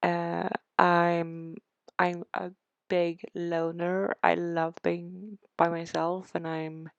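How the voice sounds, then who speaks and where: A woman's voice: lowish voice, monotone, extremely slow, clear, resonant tone, dry recording. A young Swedish woman with a Swedish accent, chatting casually and sarcastically over a game build, rambling and self-deprecating. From Sweden. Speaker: game build video creator. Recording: dull, lo-fi dry sound.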